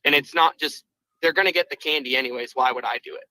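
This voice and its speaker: A young man in his twenties calls in to a podcast. He rambles and leans on "like" and "right". His voice is bright, a little high, and dry. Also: fast talker, dry recording, rough recording. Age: 20s. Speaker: caller. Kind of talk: casual call-in chat.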